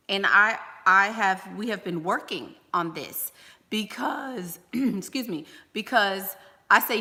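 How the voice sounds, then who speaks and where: A woman gives blunt advice in a casual monologue. Her voice is bright and sharp, and she is sassy and emphatic, often saying the same line twice. A long reverb from the room follows her words. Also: mid-range voice, animated, takes it slowly. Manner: emphatic, sassy, repeats key lines. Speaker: vlogger giving life advice.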